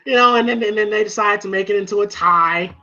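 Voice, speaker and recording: Speaking quickly in a high register, a man co-hosting a film-review podcast walks through a scene in casual, profane conversation. He's lively and laughing, bellowing lines to act them out, and the audio is dull and lo-fi.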